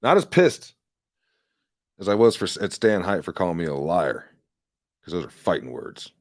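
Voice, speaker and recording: A man with a lowish voice that swings up and down a lot as he rants through a casual livestream. He talks in a rambling, sarcastic way and swears freely. The sound is dry and close, with no room echo. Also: lively intonation, brisk. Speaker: livestream host and candidate.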